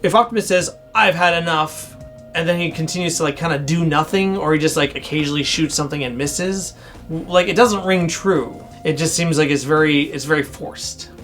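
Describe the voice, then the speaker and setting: Casting: higher-pitched male podcast co-host, jokey recapper, faint music under the talk. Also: brisk, a bit bright. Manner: jokey, acts out characters' lines. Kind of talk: casual episode recap and review.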